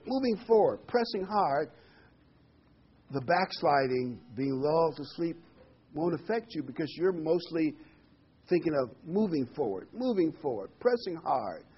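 A man preaching a sermon, animated and repeating key words for emphasis, heard on a dull lo-fi recording. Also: a little high, husky.

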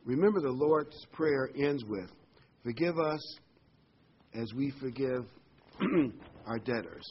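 A man with a husky, slightly breathy voice gives a sermon in a relaxed, conversational way. His pitch jumps up when he stresses a point. The recording sounds dull and lo-fi. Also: slow. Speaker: preacher.

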